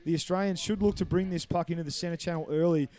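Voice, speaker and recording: Male play-by-play commentator, warm and smooth, slightly high voice, brisk explanatory calls. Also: steady tone. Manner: brisk, explanatory, apologetic over names. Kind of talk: live sports commentary.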